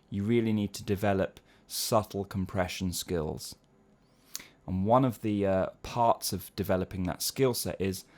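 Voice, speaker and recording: A male singing coach with a low voice and a gravelly, creaky edge. He explains vocal technique step by step, checking in with the listener now and then. He drops into short sung syllable drills to demonstrate. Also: a little mellow. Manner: explains patiently, often checks in with "yeah?". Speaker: singing teacher.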